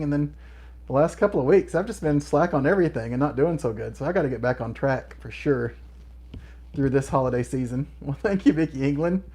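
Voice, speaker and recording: With a fairly high, husky voice and a warm tone, a middle-aged livestream host chats casually through viewer comments. Laughter pops up often between his remarks.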